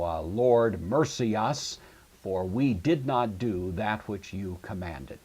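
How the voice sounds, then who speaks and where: A man giving a recorded lesson on Greek grammar, working through exercises in a methodical way with many pauses and fillers. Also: on the low side, a little mellow, slightly rough. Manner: methodical, thinks aloud with frequent fillers. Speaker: Greek teacher.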